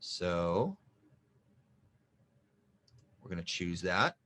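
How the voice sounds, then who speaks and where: A man's voice: low voice, sing-song, very slow, pushed and bright. Chatty man talking through a screen-share tutorial. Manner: chatty and joking, thinking aloud while typing. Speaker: small business advisor demonstrating an application.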